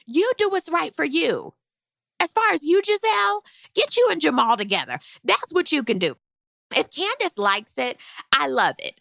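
Sassy, animated woman recapping reality TV. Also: gravelly, no echo, studio quality. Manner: sassy, animated, with high squealing reactions. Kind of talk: casual reality show recap.

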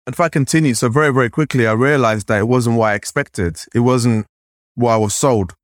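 A man from Nigeria, a podcast guest, recounting his childhood in a lively storytelling way, often saying "like" and acting out the voices he remembers. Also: medium pitch, fairly quick, dry recording, clean studio sound. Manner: animated, acts out remembered voices, frequent "like". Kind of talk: storytelling in conversation.

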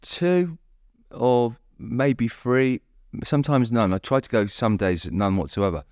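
A man's voice: medium pitch, takes it slowly, darkish tone, no room sound, clean studio sound. A man, a fighter guest on a podcast, talking in a rambling, jokey, self-deprecating way. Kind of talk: casual chat.

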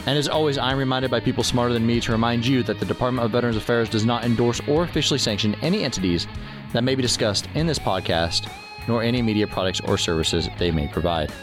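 A man hosting a podcast, reading a measured, scripted outro. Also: medium pitch. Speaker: podcast host. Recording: voice over guitar music.

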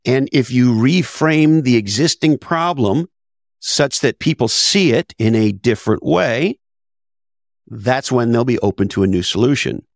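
Emphatic man with a gravelly voice. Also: medium pitch, lively intonation, unhurried, no echo, clean studio sound. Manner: emphatic, blunt, rhetorical questions, swears casually. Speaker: podcast guest, author and business advisor. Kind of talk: conversational interview.

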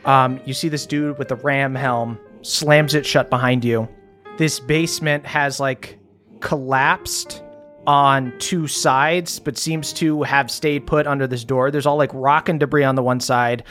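A man runs a tabletop game and narrates in a loose, rambling style full of fillers. His pitch is middling. Soft music plays in the background. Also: fairly even intonation, measured pace. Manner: casual, lots of fillers like "like" and "um". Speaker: game master.

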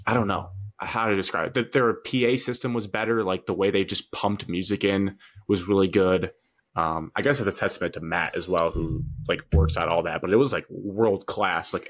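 A young man co-hosting a sports podcast, telling an animated story in casual chat, full of fillers. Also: low-pitched. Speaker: podcast co-host.

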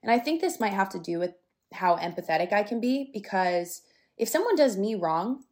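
A woman's voice: medium pitch, moderate pace. A young woman hosting her own podcast in a casual solo talk, chatty and candid, swearing now and then and a little breathless. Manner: lively, sometimes breathless. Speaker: podcast host.

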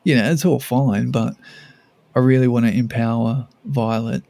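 Gravelly, mellow-voiced man chatting. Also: medium pitch, fairly even intonation, normal speed, no room sound. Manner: rambling, many restarts and "like"s. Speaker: podcast co-host. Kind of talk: casual parenting podcast chat.

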